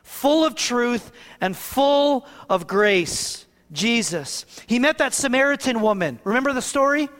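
A man preaching a sermon as pastor, shifting from hushed passages to raised, emphatic ones. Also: very high voice, expressive, a little slow, hardly any pauses. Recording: long reverb of a hall.

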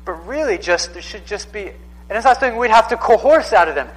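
A man's voice: high-pitched, expressive, a little fast, in a large hall, a little hiss or hum, low-quality recording. A man in his thirties preaching a sermon in a casual, conversational way, often repeating himself for emphasis. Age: 30s. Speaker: pastor.

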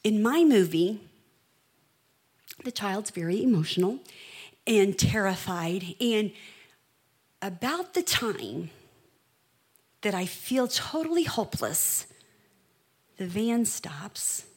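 A middle-aged woman preaching with an unhurried, deliberate pace. She tells her story softly, sometimes close to a whisper, and then lets it swell into passionate preaching. Her pitch sits in a plain middle range. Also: sing-song, husky. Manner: storytelling, building from hushed to impassioned. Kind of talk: sermon.

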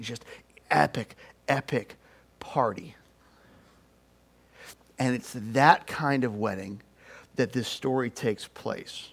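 A young man preaching a sermon, telling stories in an animated, joking way and doing playful voices. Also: medium pitch, creaky, breathy edge. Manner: animated, jokey storytelling with playful put-on voices. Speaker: pastor.

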